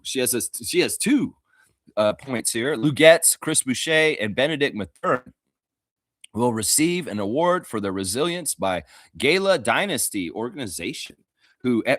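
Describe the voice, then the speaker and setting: A young man hosting a casual fan show, excitable, laughing often and mimicking others in high squeaky voices. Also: dry recording, clean studio sound. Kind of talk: casual fan talk stream.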